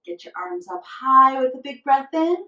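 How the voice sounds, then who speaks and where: A woman leading a children's yoga class, giving gentle, encouraging instructions and now and then making playful animal noises. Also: high voice, moderate pace, echoey room, far from the mic, dull audio. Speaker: kids' yoga teacher.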